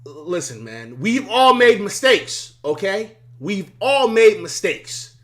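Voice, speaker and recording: Taking his time, a high-voiced man hosts a live sports talk show, his throat rough from all the yelling. Expect swearing, plenty of laughs, and lines repeated.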